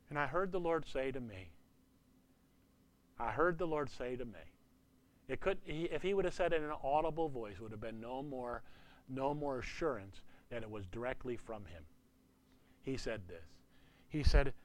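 A man in his sixties, a pastor, preaching in a conversational way, peppering his talk with "you know" and dropping to a hushed voice for emphasis. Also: mid-range voice, lively intonation, moderate pace, pauses often. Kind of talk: sermon.

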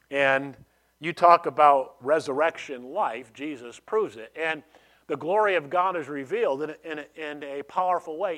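A man's voice: fairly high pitch, a bit bright. A man preaching a sermon in a conversational way, often restarting phrases and adding "you know" as he explains a passage. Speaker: pastor.

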